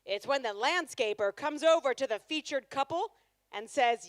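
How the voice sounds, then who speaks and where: A woman's voice: high voice, lively intonation, normal speed, no room sound. A woman performing a live stand-up comedy set on stage, chatty and sarcastic, teasing the crowd.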